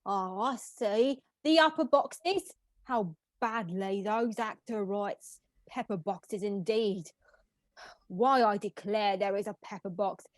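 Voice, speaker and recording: A woman's voice: mid-range voice, slow pace, no room sound, studio quality, close to an everyday voice. A woman reading the part of a bossy mistress of the house, scolding her maid in an old comic play. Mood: imperious. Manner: imperious, scolding. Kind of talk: script read-through.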